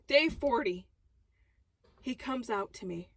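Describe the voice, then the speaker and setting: A woman with children telling a personal story in casual vlog style, animated, with loud laughing outbursts and hushed asides. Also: medium pitch, measured pace, slightly rough, rough recording. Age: adult with children. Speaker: vlogger.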